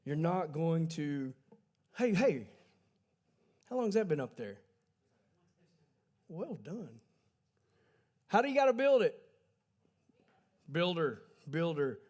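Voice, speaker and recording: A man delivers a livestreamed church sermon as folksy, conversational storytelling. He stops to correct himself along the way. His voice sits somewhat high for a man. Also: big pitch swings, slow, pauses often, darkish tone. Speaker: pastor.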